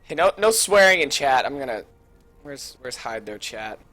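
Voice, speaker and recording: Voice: mid-range voice, sing-song, moderate pace, fairly bright tone. Young student caster, hesitant and rambling, filling dead air over faint music. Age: young adult. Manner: self-deprecating, rambling, hesitant. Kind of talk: casual rambling commentary during a pause.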